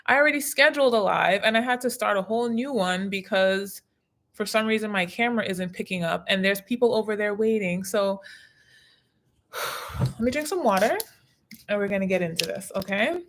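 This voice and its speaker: A woman's voice: medium pitch, moderate pace. Annoyed woman venting on a livestream. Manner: frustrated and venting, then guiding a breathing exercise. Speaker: livestream host. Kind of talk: casual livestream talk.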